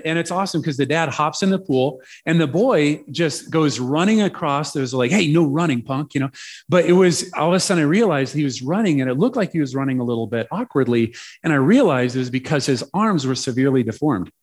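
A man delivers a sermon as a personal story, chatty and playful, full of asides. His voice sits a little high and swings widely in pitch. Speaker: preacher telling a personal story.

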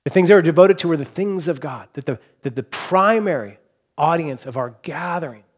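A man preaching a sermon as pastor, earnest, rising to impassioned repeated phrases and dropping to quiet reflection. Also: fairly high pitch. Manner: drops to quiet, soft delivery for reflective points.

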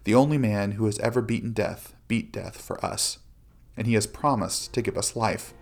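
A man giving an earnest, measured scripted devotional reading. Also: on the low side. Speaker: Christian speaker.

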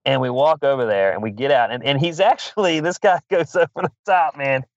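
A man's voice: mid-range voice, brisk, no echo, highs cut off. A man telling a long funny story in casual chat, swearing freely and laughing often. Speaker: podcast guest.

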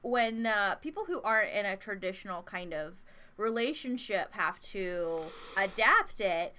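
A woman's voice: mid-range voice, expressive, unhurried, sharp tone. An American woman co-hosting a casual chat podcast, thoughtful and rambling with fillers, often giggling. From United States. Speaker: podcast co-host.

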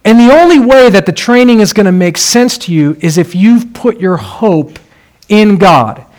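Male preacher, fairly high voice, conversational storytelling, emphatic swells. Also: lively intonation, normal speed, darkish tone. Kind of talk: sermon.

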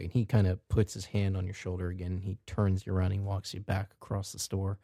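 A man's voice: low voice, monotone, quick pace, hardly any pauses, dark tone, dry recording, studio quality. A man narrating a tabletop game as game master in a casual way with many fillers.

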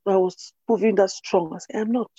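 A woman's voice: mid-range voice, steady tone, brisk, mellow, slightly rough, no room sound. A woman from Cameroon, giving an earnest personal testimony in an interview and repeating phrases for emphasis. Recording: dull, dry lo-fi recording.

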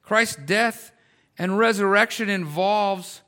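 A middle-aged man preaching a sermon in a bright, forceful voice pitched a little above the usual. He talks to the congregation like a conversation, then pushes hard with emphatic, rising questions. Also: takes it slowly. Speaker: pastor.

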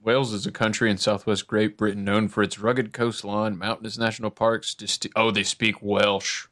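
A man from the United States hosting a podcast, joking and teasing in quick banter. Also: lowish voice, flat delivery, a bit bright, dry recording, studio quality. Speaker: podcast host. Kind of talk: casual chat.

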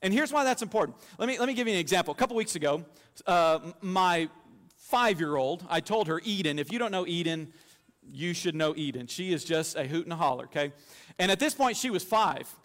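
A man with a notably high voice delivers a sermon as pastor, telling lively stories and slipping in jokes. His voice rings out with a long hall reverb behind it. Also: a little fast. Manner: animated storytelling with humor.

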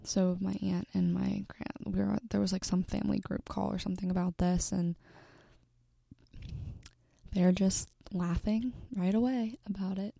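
A young woman in her twenties telling a personal story in an earnest, halting way, with many fillers and restarts, often dropping to a breathy near-whisper. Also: medium pitch, steady tone, warm tone, dry recording, clean studio sound.

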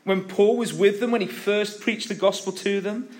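A man's voice: high-pitched, steady tone, moderate pace. A man preaching an earnest, emphatic sermon, telling stories between his points. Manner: earnest, emphatic, with storytelling asides.

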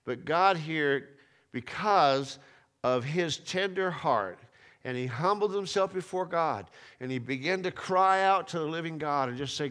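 A man's voice: fairly high pitch, expressive, a little slow, fairly bright tone. A middle-aged man preaching a sermon, talking conversationally and rising to emphatic peaks, with frequent restarts. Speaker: pastor.

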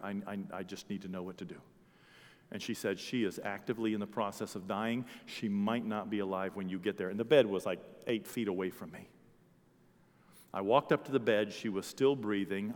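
A man preaching a sermon as a pastor, telling a story and swinging from quiet to loud. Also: lowish voice, in a large hall.

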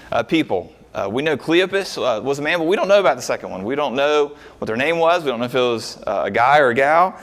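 Male pastor mid-sermon, lively up-and-down delivery, casual asides and rhetorical questions. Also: medium pitch. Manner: animated, rhetorical questions, frequent uh fillers.

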